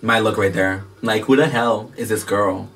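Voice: medium pitch, fairly even intonation, moderate pace, a bit bright, distant mic, faint music behind. A vlogger reacting to a drama episode in casual, emotional, profane commentary. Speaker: video reactor.

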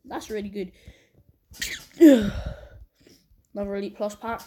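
A woman hosting casual pack-opening commentary, chatty and excitable with sudden shrieks. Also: mid-range voice, moderate pace, background noise. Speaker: channel host.

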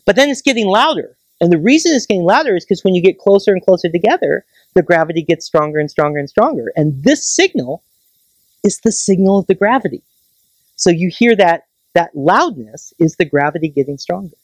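A staff astronomer giving a public science lecture at a planetarium, explaining with everyday comparisons and checking in with the audience with quick "right?" questions. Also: medium pitch, expressive, no room sound.

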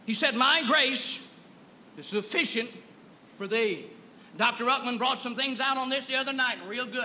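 A man preaching a fiery revival sermon, swinging between hushed storytelling and shouted exclamations, recorded in a church on an old cassette tape. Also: very high-pitched, slight background noise, low-quality recording. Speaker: pastor. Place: church sanctuary.

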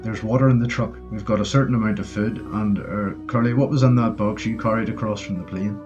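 A man's voice: fairly low pitch, fairly even intonation, brisk, highs cut off, music in the background, lightly acted. A man reading the part of a blunt, commanding British army sergeant in a wartime audiobook, barking orders. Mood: brisk. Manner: gruff, barks orders, sometimes bellows.

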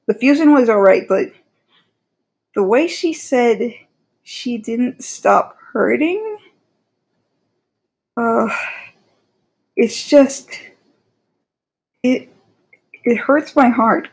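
A woman with a fairly high voice talks through her opinions in a rambling, exasperated way. She often breaks off and restarts her sentences, and fillers come up constantly. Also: darkish tone. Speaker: commentary creator. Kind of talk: casual opinion commentary.

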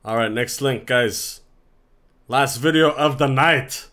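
A man's voice: medium pitch, takes it slowly, a bit bright. A young man hosting a livestream reaction, loose and joking, talking straight to viewers. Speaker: reaction channel host. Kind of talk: casual livestream reaction chat.

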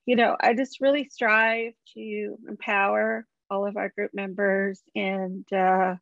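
A woman with a gravelly, fry-laden voice talks with heartfelt gratitude on a panel. The video-call audio is dull and lo-fi, with a dry, close sound. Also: mid-range voice, little pitch movement, takes it slowly, no room sound. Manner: warm, grateful, heartfelt. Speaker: online community founder, guest. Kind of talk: panel conversation.

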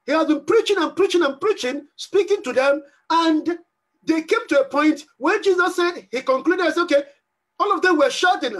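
Male pastor, emphatic sermon delivery, high and animated, repeats lines for effect. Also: normal speed. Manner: emphatic preaching, repeats phrases, acts out pleading prayers.

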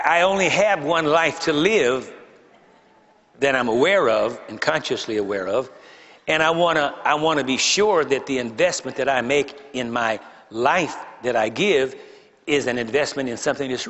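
The recording is muffled, capturing a male pastor in a large church sanctuary speaking at normal speed in a mid-range, fairly bright voice. He pokes fun at the congregation between forceful points, leaning on key words and echoing phrases to drive them home.

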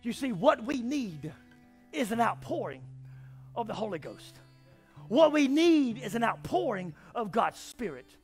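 A man preaching a sermon as pastor, swinging from shouts to quiet talk. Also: extremely high pitch, very animated, a little slow, soft background music. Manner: preaching, often shouting and then dropping quiet. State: out of breath.

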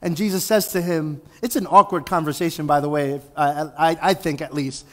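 A male pastor with a notably high voice delivers a sermon in an easy, conversational way. He leans on rhetorical questions to drive each point home. The recording carries a long church-hall reverb. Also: fairly even intonation, brisk. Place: church sanctuary.

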